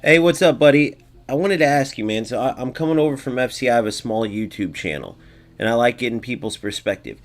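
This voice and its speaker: A man's voice: medium pitch, fast, faint music behind. A man hosting a gaming video, giving casual gameplay commentary in a blunt, sarcastic way and talking straight to his viewers.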